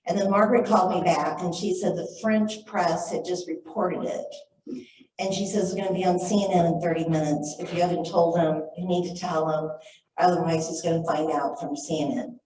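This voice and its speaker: A woman's voice: fairly low pitch, fairly quick, far from the mic, slight background noise. Woman telling a story in an echoey room. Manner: lively anecdotal storytelling, acts out quoted voices. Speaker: author and speaker. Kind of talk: storytelling talk to a live audience. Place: library event room. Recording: echoey room, voice picked up from afar.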